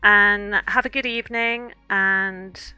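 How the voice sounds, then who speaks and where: A woman's voice: mid-range voice, fairly even intonation, slow pace, pushed and bright, clean tone, no echo, soft background music. A middle-aged woman author in casual livestream chat, chatty and effusive, thanking her viewers often. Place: small home room corner.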